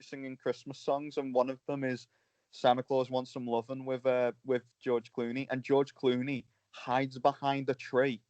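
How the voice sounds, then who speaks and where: A man's voice: mid-range voice, flat delivery, normal speed, darkish tone, no echo. Dry-joking man on a dull, dry mic. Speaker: podcast co-host. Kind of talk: casual chat.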